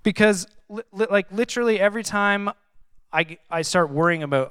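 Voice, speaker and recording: A young man giving a casual, conversational sermon, reading scripture and adding animated, sarcastic asides. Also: high-pitched, fairly quick, clear, resonant tone, no echo, studio quality. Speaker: pastor.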